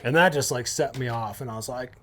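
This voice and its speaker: A man's voice: medium pitch, a little fast, a little hiss or hum. A middle-aged man from Minnesota telling a wild story in casual chat, swearing and acting out the voices he quotes. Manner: animated, swearing, acts out quotes in raised voice. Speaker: podcast host.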